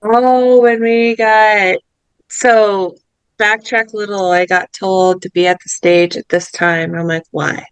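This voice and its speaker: A woman's voice: medium pitch, slow, clear, resonant tone, dry recording, poor audio. A woman on a casual roundtable podcast, telling stories with feeling and acting out the dialogue, close to tears. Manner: animated storytelling, acts out quoted dialogue. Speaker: roundtable guest, event vice president.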